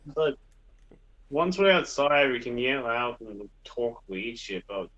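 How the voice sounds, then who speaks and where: A man's voice: medium pitch, lively intonation, slow, fairly bright tone, lo-fi sound. A young man co-hosting a podcast, giving short laid-back replies and swearing casually. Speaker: podcast co-host. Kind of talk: casual banter.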